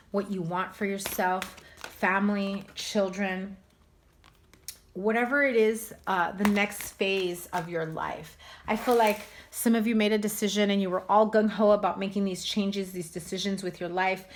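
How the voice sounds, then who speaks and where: A woman giving a casual tarot reading to her viewers, chatty and animated, cursing now and then. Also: medium pitch, a little hiss or hum. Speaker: tarot reader.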